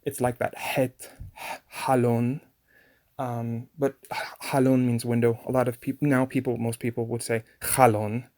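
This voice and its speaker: A man's voice: mid-range voice, little pitch movement, normal speed, dark tone. A man giving a casual language lesson on pronunciation, chatty and full of fillers and restarts. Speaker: language teacher.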